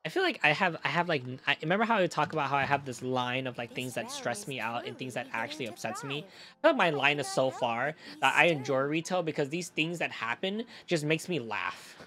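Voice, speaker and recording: Male streamer, casual rambling chat, lively swoops in pitch. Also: a little fast. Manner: animated storytelling, swears, rambling restarts.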